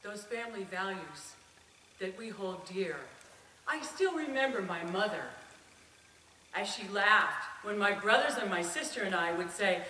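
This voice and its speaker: A middle-aged woman giving a prepared speech at a club, telling stories with an expressive voice that swells and drops. The voice sounds echoey and far from the mic. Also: mid-range voice, unhurried, a little hiss or hum. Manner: expressive storytelling, swelling and dropping. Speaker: club speaker.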